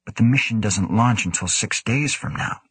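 Man doing a calm, earnest young researcher. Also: on the low side, normal speed, husky, dry recording, full character voice. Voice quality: calm, reasonable.

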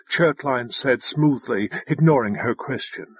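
A man reading scripted fiction narration in a measured storytelling manner. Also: a little high, expressive, slightly rough, no echo, muffled recording. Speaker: audiobook narrator.

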